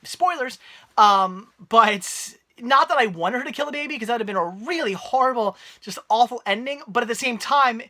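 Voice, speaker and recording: A young man and parent giving a rambling, animated movie review rant, full of restarts. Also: high voice.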